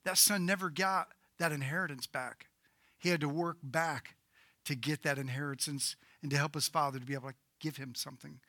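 A male pastor delivering a sermon with a very bright, ringing tone. He swings from loud, emphatic bursts to low, hushed lines. The sound is close and dry. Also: steady tone, fairly quick, dry recording. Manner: dynamic preaching, swinging between loud emphatic bursts and low quiet passages.

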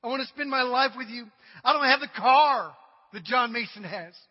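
A man's voice: very high-pitched, normal speed, pitched above the performer's own voice. A man voicing an eager young man proposing to his girlfriend, pleading insistently, in a dull recording with long hall reverb.

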